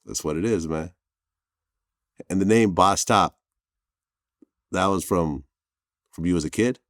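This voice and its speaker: A man hosting an interview, asking relaxed questions and laughing along. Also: sits low, unhurried, no echo, studio quality. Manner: relaxed, laughs often, short affirmations. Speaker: interview host.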